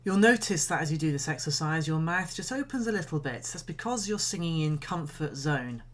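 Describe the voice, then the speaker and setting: A woman singing coach giving a calm, measured voice lesson, explaining and demonstrating breathing exercises. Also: low voice. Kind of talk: instructional voice lesson.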